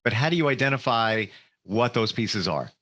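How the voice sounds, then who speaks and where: A man hosting a conversation, his voice bright and forceful at a middle pitch. He asks earnestly and talks about himself openly, with frequent small restarts. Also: lively intonation, normal speed. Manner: earnest, personal, stumbles on words. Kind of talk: interview conversation.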